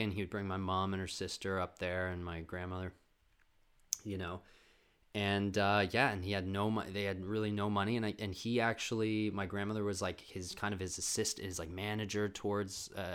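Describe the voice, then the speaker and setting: A man's voice: deep voice, level tone, fairly quick, a bit bright, clean tone. A man hosting a podcast, telling family stories in a loose, rambling way, swearing freely and restarting his sentences. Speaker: podcast host. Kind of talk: casual storytelling monologue.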